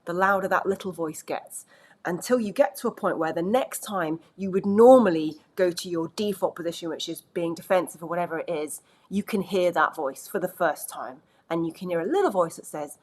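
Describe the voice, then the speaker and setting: In a conversational coaching talk delivered to camera, a woman with a lowish voice speaks at a moderate pace, earnest and reassuring. She keeps checking in with the listener and sprinkles in plenty of "you know."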